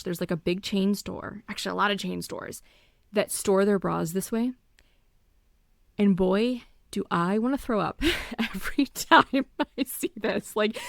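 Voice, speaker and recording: Chatty, animated woman podcast host. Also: medium pitch, vocal fry, no room sound, studio quality. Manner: animated, chatty, emphatic pleading. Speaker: podcast host and bra fitter. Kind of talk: casual solo podcast teaching.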